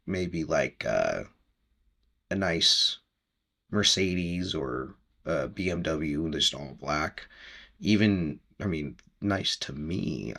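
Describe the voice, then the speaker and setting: Deep, gravelly-voiced man chatting casually. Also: fairly bright tone. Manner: rambling, chatty, laughs easily. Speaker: podcast host recapping a book. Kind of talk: casual book discussion.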